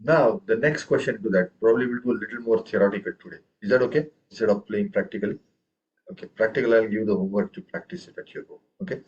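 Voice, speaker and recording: A man's voice: fairly low pitch, fast, dull audio. A man teaching a tabla class. He talks patiently, often checking with "okay" and "right?", and chants rhythm syllables aloud for the students. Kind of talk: classroom music lesson. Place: room with students.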